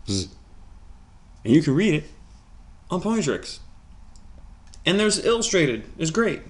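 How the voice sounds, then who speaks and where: A man hosting a solo podcast, rambling in a jokey, self-deprecating way, swinging from low mumbles to loud outbursts. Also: very animated, slow pace. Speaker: podcast host.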